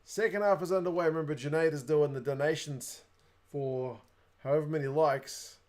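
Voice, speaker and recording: A man's voice: a little high, fairly even intonation, normal speed, a little mellow. A young adult man with a New Zealand accent, hosting a casual livestream, chatting away and reading viewer comments aloud. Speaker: livestream host.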